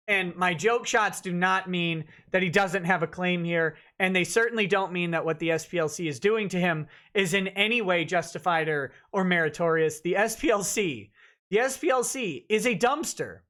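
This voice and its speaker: On a live stream, a man reads a lawsuit complaint aloud, pausing the dense legal text for blunt, jokey, sarcastic asides. His voice is high-pitched, bright and forceful, at a moderate pace.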